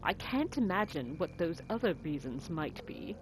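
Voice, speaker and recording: A woman's voice: fairly low pitch, very animated, moderate pace, noisy background. A woman voicing a cold, snobbish wealthy mother with an uppity, condescending manner, over game music. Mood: haughty. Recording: game music playing behind.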